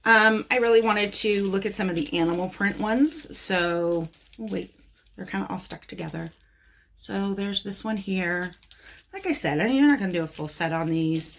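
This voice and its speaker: Woman, nail technician, casual chatty haul talk, blunt, plain mid pitch. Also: normal speed, slight background noise.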